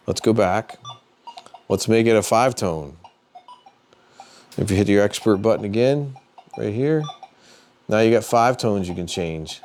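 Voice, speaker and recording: A man with a fairly low voice walks viewers through a tutorial in an easygoing, plain-spoken way, pausing with fillers as he works out his words. A faint hiss and small clicks sit under his voice. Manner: relaxed, plain-spoken, thinking aloud with fillers. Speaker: metal detecting channel host. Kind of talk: casual how-to tutorial.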